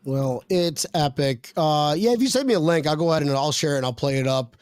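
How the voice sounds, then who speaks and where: A man with a fairly high voice hosts a loose, jokey podcast chat. He rambles cheerfully and reads out viewer comments. The sound is close and dry. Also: fairly quick, darkish tone, clear, resonant tone, no room sound. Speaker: podcast host. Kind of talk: casual chat.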